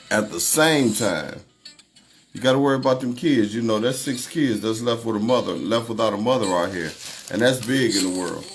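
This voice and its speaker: A man hosting a casual livestream, greeting viewers by name and talking over the news in a loose, conversational way. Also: on the low side. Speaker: livestream host.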